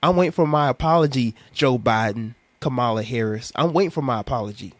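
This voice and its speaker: A young man ranting in an animated, sarcastic, preachy vlog monologue. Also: mid-range voice, brisk, few pauses, no echo. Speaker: commentary vlogger.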